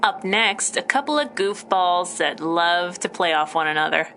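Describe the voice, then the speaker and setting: A woman hosting a podcast, gushing with quick, effusive thanks between segments. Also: fairly low pitch, lively intonation, very noisy. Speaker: podcast host. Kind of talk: casual chat.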